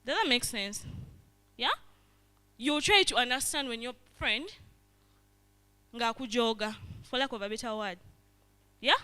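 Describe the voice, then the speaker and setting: A woman's voice: a little high, pushed and bright. A young woman leading an interactive workshop, often checking in with her listeners and acting out little scenes. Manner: constantly checks in with the audience, acts out little scenes. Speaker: workshop facilitator.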